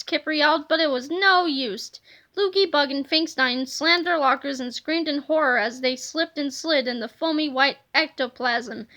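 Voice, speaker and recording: A woman reading a children's book aloud in an animated storybook manner. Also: sits high, moderate pace. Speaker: reader.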